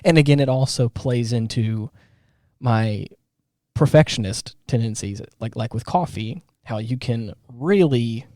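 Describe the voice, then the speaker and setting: A man's voice: mid-range voice, a little slow, dark tone, no echo, clean studio sound. A man co-hosting a podcast in casual chat, talking in a rambling way with many restarts. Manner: rambling, lots of fillers and restarts. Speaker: podcast co-host.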